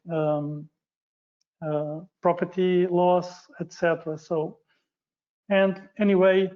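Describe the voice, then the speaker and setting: Slow, halting man with a Portuguese accent. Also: fairly high pitch, warm tone, highs cut off. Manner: halting, frequent fillers and self-corrections. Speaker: guest speaker. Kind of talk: webinar presentation.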